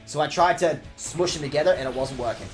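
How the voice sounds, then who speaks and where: A man's voice: fairly high pitch, fast talker, soft background music. A man streaming a game with sweary, jokey commentary. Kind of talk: casual gaming commentary.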